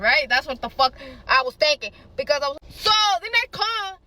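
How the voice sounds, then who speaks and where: A woman telling a personal storytime while getting ready, animated and dramatic, swearing freely. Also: high voice, quick pace, hardly any pauses.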